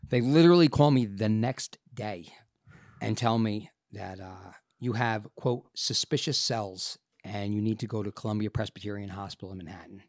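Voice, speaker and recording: Gravelly-voiced man telling a story. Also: lowish voice, moderate pace, dry recording, studio quality. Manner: animated and profane, acts out the people in his story. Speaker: actor and podcast guest. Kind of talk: casual storytelling interview.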